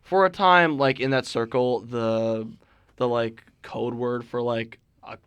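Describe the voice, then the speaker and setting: A man's voice: mid-range voice, steady tone, fairly bright tone, smooth. Groggy, rambling Canadian man. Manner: rambling, halting, full of restarts. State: groggy from no sleep. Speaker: podcast guest. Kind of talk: casual chat.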